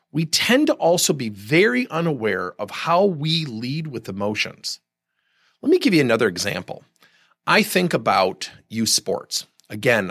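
Medium-pitched and creaky, this man delivers a coaching podcast monologue on his own. He offers blunt advice and brings his stories to life by voicing the people in them.

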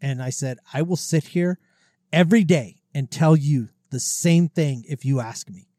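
A man's voice: fairly high pitch, a little slow, dark tone, no echo, clean studio sound. A man co-hosting a podcast in casual chat, blunt and swearing freely, joking about himself. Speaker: podcast co-host. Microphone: close podcast mic, breathes into it.

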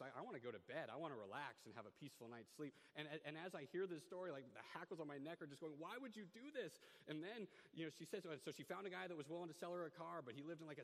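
A young man telling a personal story in an animated way, stumbling over restarts and repeated words. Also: on the high side. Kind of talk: personal story told to an audience. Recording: long hall reverb.

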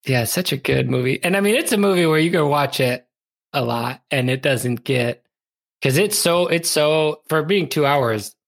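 A man's voice: a little high, moderate pace, gravelly, no room sound. A man in his thirties co-hosting a podcast, casually chatting about a movie, laughing often and quoting lines in silly voices. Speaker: podcast co-host. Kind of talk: casual chat reviewing a movie.

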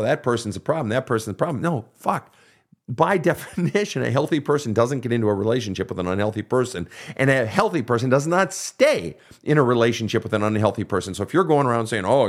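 Blunt profane man giving relationship advice. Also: medium pitch. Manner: quotes people in mocking voices. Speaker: podcast host and counselor. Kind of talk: casual advice monologue.

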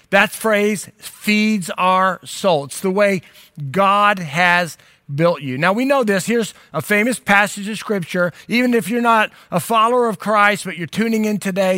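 A man's voice: high-pitched, bright, forceful tone, no room sound, clean studio sound. An older man preaching a sermon as a pastor, in an earnest, conversational way, speaking directly to viewers.

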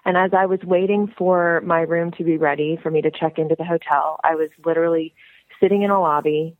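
A woman's voice: low-pitched, a little fast, no room sound. A woman filmmaker, a friendly and outgoing talker, telling her story as a guest in a phone interview. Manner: chatty, outgoing, animated storyteller. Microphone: telephone. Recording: tinny phone line.

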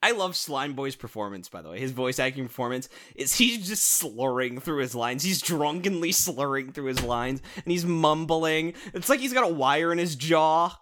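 A man co-hosting a casual podcast, reviewing a show in an animated, sarcastic rant with lots of swearing and restarts. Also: on the high side, normal speed, few pauses.

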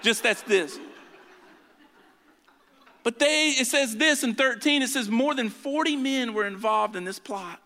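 A middle-aged man preaching a sermon as pastor, swinging between loud urging and hushed asides. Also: extremely high pitch, unhurried, pauses often. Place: church sanctuary. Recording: long hall reverb.

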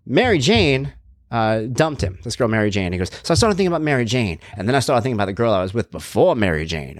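Animated self-mocking man telling a story. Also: on the low side, dry recording. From Long Island, New York. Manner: animated, self-mocking, acts out quoted voices. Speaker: podcast host. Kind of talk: casual storytelling monologue.

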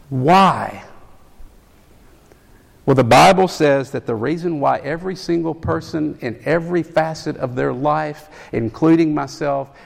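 A man preaching a sermon, animated, building to loud emphatic peaks. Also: medium pitch, gravelly. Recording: long hall reverb.

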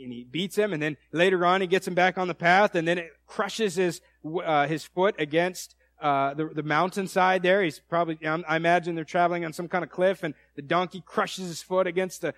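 Male preacher, casual storytelling sermon, lively retold quotes, dry close sound. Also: sits high, no room sound. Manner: conversational, animated storytelling with acted quotes.

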